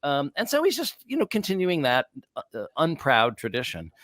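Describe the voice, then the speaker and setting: Animated man telling a story, dry sound. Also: a little high, a little fast, no echo. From United States. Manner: animated storyteller, laughs often. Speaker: psychologist and co-host. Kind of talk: casual podcast discussion.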